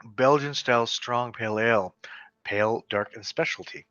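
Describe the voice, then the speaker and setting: A man's voice: mid-range voice, moderate pace, fairly bright tone, dry recording. A hungover man in a casual vlog, reading award results with rambling, wry asides. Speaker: beer reviewer. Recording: dull, slightly lo-fi sound.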